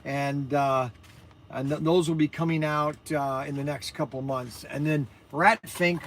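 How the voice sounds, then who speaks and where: A man's voice: fairly high pitch, fairly even intonation, measured pace. A man hosting a casual livestream about his shop's products, talking energetically and rambling with many fillers and restarts. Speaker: host and shop owner.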